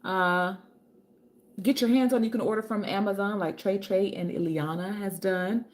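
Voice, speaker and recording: A woman's voice: medium pitch, moderate pace. A woman hosting a casual livestream from her home, chatty and affectionate, greeting viewers by name and calling them honey. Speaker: livestream host and author. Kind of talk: casual live-stream chat. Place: home with kitchen and ring light.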